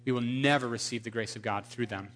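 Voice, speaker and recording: Animated bright-voiced male preacher. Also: medium pitch, fast talker. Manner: animated, emphatic. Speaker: pastor. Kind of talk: sermon storytelling.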